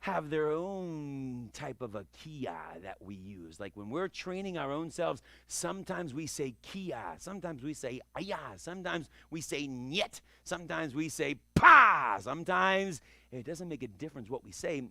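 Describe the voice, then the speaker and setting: A man leading a kids' karate class, energetic and playful, breaking into loud kiai yells as he demonstrates moves in an indoor studio. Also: sits high, creaky, dry recording. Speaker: karate instructor.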